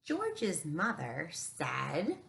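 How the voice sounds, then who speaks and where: Lively woman reading a storybook. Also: low voice, drawn-out words, creaky, noisy background. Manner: animated, asks the listener questions. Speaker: teacher reading aloud to children. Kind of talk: storybook read-aloud with questions to kids. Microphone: camera mic.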